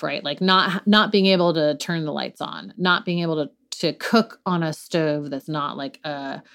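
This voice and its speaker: Podcast cohost lady, blunt and sweary, kinda low voice. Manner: blunt and profane, trailing off in restarts. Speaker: podcast co-host. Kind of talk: casual chat.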